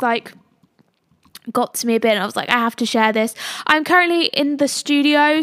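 A woman's voice: sits high, dry recording. A young woman hosting her own podcast, talking alone in a rambling, gushing and emotional way from a studio. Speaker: podcast host. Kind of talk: casual solo podcast chat.

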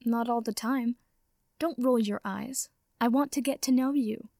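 A woman's voice: a little high, measured pace, gravelly, a little mellow, no echo, clean studio sound. Harry, an earnest young wizard, read by a woman. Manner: sincere, pleading. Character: earnest young wizard man, open and affectionate.

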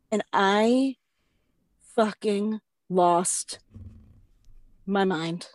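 A woman's voice: mid-range voice, very slow, pauses often, no room sound. A woman in her thirties casually telling a comic story, swearing freely and mocking herself. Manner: profane, self-mocking, animated storyteller.

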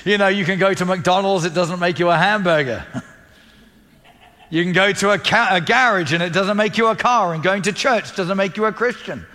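A man preaches a sermon in a lively storytelling manner, acting out each exchange as he goes. His voice sits high and bright. A long reverb trails behind him, as in a large hall. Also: normal speed. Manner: animated storytelling, acting out dialogue.

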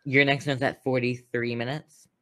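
A man's voice: medium pitch, flat delivery, normal speed, pushed and bright. A man co-hosting a podcast, chatting casually and rambling with lots of fillers. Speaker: podcast co-host. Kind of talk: casual chat.

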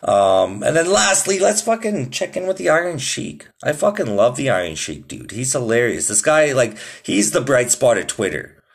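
A man's voice: medium pitch, sing-song, normal speed, gravelly, few pauses, slightly rough. A man hosting his own podcast in loose, rambling casual chat, swearing a lot and calling listeners "dude". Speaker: podcast host.

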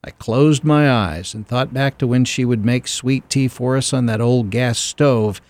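A man's voice: mid-range voice, unhurried, darkish tone, no echo. A middle-aged man, a podcast host and writer delivering a scripted, wryly humorous monologue in a dry storytelling manner. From Arkansas, US South.

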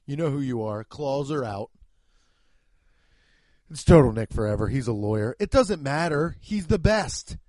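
A man's voice: medium pitch, lively intonation, moderate pace, pauses often, a little mellow, dry recording, clean studio sound. Profane, ranting male podcast host. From United States. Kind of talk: solo comedic podcast rant.

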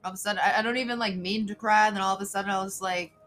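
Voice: medium pitch, steady tone, very fast, pushed and bright, slight background noise. A podcast co-host chatting casually, playful and giggly, trading jokes with a friend. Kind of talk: casual chat.

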